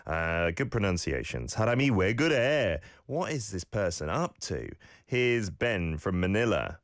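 In clean studio sound with no echo, a male host with a lowish, very animated voice speaks at normal speed in a casual, radio-style lesson. He teaches phrases and gives playful, teasing feedback on listener clips, exaggerating the intonation of his examples.

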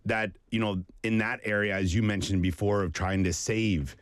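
A man with a fairly low voice tells stories in a casual chat. His delivery is animated and he laughs easily. The recording is dry and close. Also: moderate pace, dry recording. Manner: animated storyteller.

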